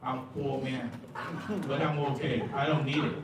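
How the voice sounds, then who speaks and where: During a meeting's public comment, a man with a mid-range voice struggles through broken English, halting, repeating, and stumbling. The recording places him far off in a large hall full of echo, with a steady hum of noise underneath.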